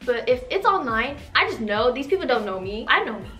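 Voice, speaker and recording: A young woman vlogger telling stories to camera in a sassy, animated way, swearing freely. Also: a little high, a little fast, faint music behind. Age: young adult. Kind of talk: casual storytelling to camera.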